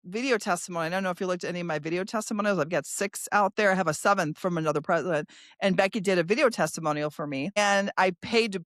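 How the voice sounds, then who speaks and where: A middle-aged woman recruiter hosting an interview, telling stories in a quick, animated way and acting out what other people said. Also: on the low side, no echo, clean studio sound. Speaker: staffing recruiter and podcast host. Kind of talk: casual interview storytelling.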